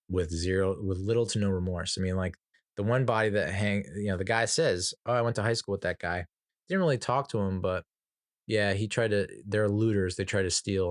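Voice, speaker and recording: A man's voice: fairly low pitch, no echo, clean studio sound. A man hosting a podcast, casually reviewing a film in a rambling, profane way with many fillers and restarts and chuckling at his own jokes. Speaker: movie reviewer, podcast host. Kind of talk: casual movie review chat.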